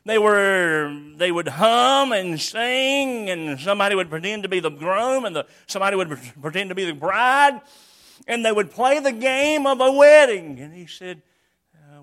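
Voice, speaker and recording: High-voiced preacher swinging loud and soft. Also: male voice, expressive, moderate pace. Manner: expository preaching with sudden loud acted-out quotes. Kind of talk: sermon.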